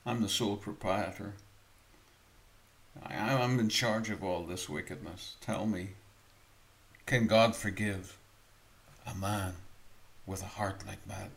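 A man's voice: fairly low pitch, fairly even intonation, takes it slowly, vocal fry, pauses often, voice pushed down. A man doing an anguished saloon owner confessing. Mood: grave. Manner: pleading, anguished questions. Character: guilt-ridden middle-aged male saloon owner, confessing.

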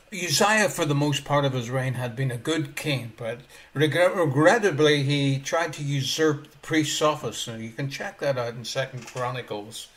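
Animated male preacher, higher voice. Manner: animated preaching, swinging between soft asides and loud exclamations, chuckles often. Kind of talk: sermon.

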